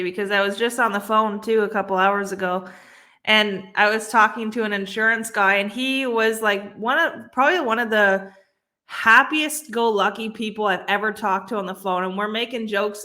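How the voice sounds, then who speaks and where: A woman's voice: medium pitch, sharp tone. A young woman co-hosting a podcast, talking earnestly in casual chat, swearing freely and restarting her sentences often. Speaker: podcast co-host.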